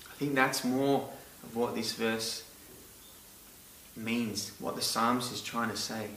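Male preacher, bright and emphatic, picked up from a distance in an echoey hall. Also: mid-range voice, fairly even intonation, slow pace, slight background noise. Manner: earnest, emphatic on key words. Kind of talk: sermon.

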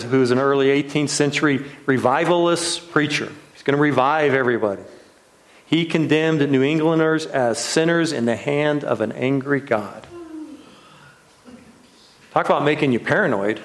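A man's voice: mid-range voice, moderate pace, vocal fry. Earnest man preaching at a retreat. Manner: earnest, repeats words, trails softly then lifts with rhetorical questions. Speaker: retreat leader. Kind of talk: sermon. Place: retreat gathering room.

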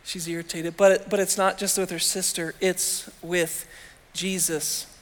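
A man preaching in a church with a notably high-pitched voice. He talks to the congregation in a conversational way, asking rhetorical questions as he goes. His voice rings with a long reverb from the large hall. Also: flat delivery, a little slow, fairly bright tone. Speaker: pastor. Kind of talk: sermon. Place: church sanctuary.

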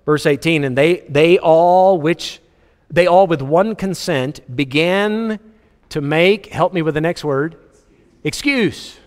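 Animated preacher man in a reverberant hall. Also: fairly high pitch, takes it slowly. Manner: animated and joking, reads scripture aloud. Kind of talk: sermon.

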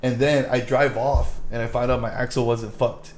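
Guy telling a wild story on a podcast, swears a lot, mid pitch, faint hiss behind. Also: normal speed. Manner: swears a lot, animated when retelling a story. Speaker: podcast co-host. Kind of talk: casual chat, storytelling.

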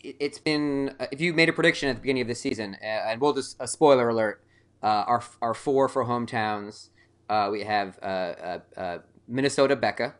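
A man's voice: medium pitch, brisk, fairly bright tone. A man co-hosting a casual podcast chat, rambling and joking with many fillers. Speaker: podcast co-host.

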